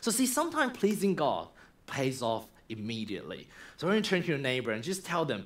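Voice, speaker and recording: A man's voice: mid-range voice, fairly quick. A man in a church, preaching a sermon by retelling a story and acting out its scenes. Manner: animated, acts out the story. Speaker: minister.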